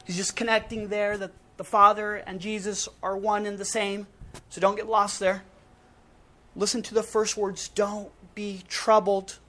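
A man preaching a sermon in a casual, emphatic way, with dramatic pauses between short punchy phrases. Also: sits high, flat delivery, bright, forceful tone.

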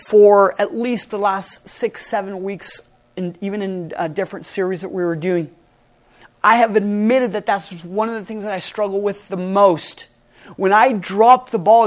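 A middle-aged man preaching a sermon as pastor, emphatic and animated, his voice swinging from loud to soft. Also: sits high.

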